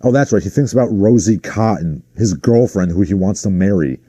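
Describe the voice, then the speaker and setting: Ranting on his own livestream, this host sounds sarcastic and exasperated; his fairly quick, expressive voice is lowish, very dark, mellow and slightly rough. The recording is dry and close, with no room sound.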